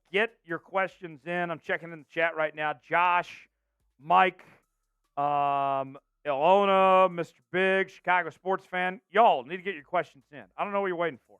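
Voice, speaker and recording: A man's voice: a little high, moderate pace, fairly bright tone, clear, resonant tone, dry recording, muffled recording. A man hosting a live sports show, talking energetically and calling out viewers from the chat. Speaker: show host.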